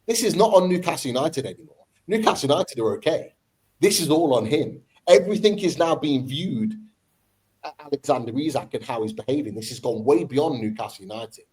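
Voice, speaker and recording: A man's voice: mid-range voice, darkish tone, poor audio. Give me a fired-up man in a fan debate, ranting and repeating himself for emphasis. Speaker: football podcast host.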